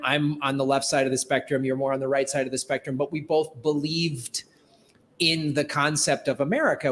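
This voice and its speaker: A man who is a comedian hosting a casual live-stream chat, earnest and rambling, often cutting himself off mid-sentence. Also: a little high. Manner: earnest, rambling, self-interrupting. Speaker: comedian and show host.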